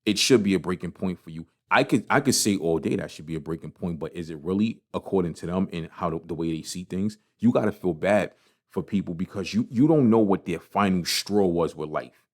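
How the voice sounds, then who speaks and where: A man whose voice sits low speaks a little fast on his own podcast. He's giving a casual, passionate motivational monologue on failure, swearing often and repeating himself.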